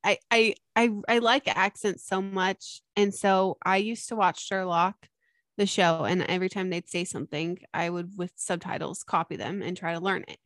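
A woman's voice: on the low side, fairly even intonation, moderate pace, fairly bright tone, dry recording. A young woman chatting casually on a podcast, bubbly and rambling with lots of fillers. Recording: dry close mic.

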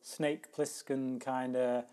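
Slow-talking man chatting about films. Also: mid-range voice. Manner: relaxed, repeats words when starting a thought. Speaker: podcast co-host. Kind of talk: casual film review chat.

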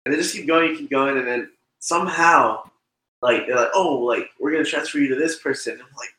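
A man's voice: mid-range voice, a little fast, pushed and bright, echoey room, low-quality recording. A young man telling a loose, swearing story in casual chat with friends. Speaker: podcast co-host.

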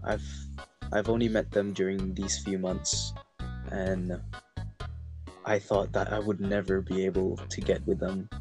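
A teenage boy chatting casually on a remote call, relaxed and a little hesitant. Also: sits low, measured pace, soft background music. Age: teens. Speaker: co-host. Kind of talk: casual chat.

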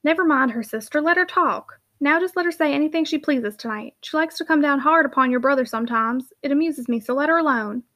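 A woman reading the part of Robert Moore, a suave, measured grown man. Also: high voice, fairly bright tone, no room sound, studio quality.

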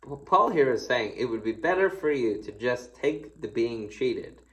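A man's voice: medium pitch, animated, moderate pace, a bit bright, low-quality recording. A man, a pastor, giving a casual devotional, reading scripture aloud and then commenting in a folksy, playful, conversational way. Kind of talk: casual devotional Bible teaching.

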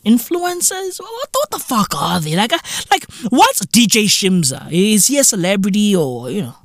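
Bright, swooping South African man ranting. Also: moderate pace, no echo, clean studio sound. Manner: animated, profane, mocking, big swings up into high exclaims. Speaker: podcast host. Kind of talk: comedic podcast rant.

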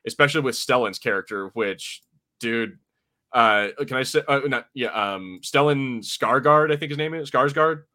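A man co-hosts a podcast, rambling casually through a review chat with lots of fillers and restarts. His mid-range voice comes across pushed and bright at a normal speed.

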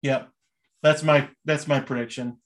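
A man's voice: medium pitch, steady tone, measured pace. A young man co-hosting a casual podcast, chatting loosely about sports and movies and laughing often. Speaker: podcast co-host.

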